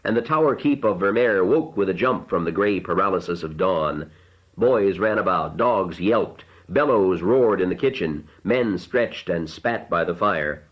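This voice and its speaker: A man reading an audiobook narration in a measured, unhurried way. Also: sits low, lively intonation, muffled recording.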